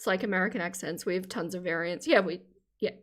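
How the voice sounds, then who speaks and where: A woman's voice: lowish voice, fast, a bit bright. Chatty Australian woman live-streaming. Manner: chatty, laughs often, careful clear enunciation. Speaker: livestream host. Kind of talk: casual live-stream chat answering viewer comments.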